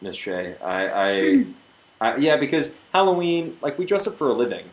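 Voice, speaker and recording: A young man chatting casually on a livestream, answering fan questions in a halting, joking way. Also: medium pitch, very animated, echoey room, rough recording.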